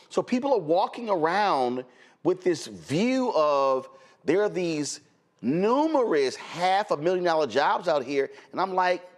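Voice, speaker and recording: Man, talk show host, emphatic and argumentative, lively swooping pitch, fairly high voice. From Houston, Texas. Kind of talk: opinionated talk show discussion.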